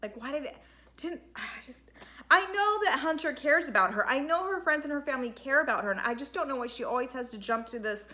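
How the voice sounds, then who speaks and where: A woman with a high, bright voice talks through a reality episode in a loose, rambling commentary. She sounds exasperated with the cast and keeps slipping into quick imitations of what they said. The delivery is chatty and full of filler. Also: expressive. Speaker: reality TV recap vlogger. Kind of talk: casual recap commentary.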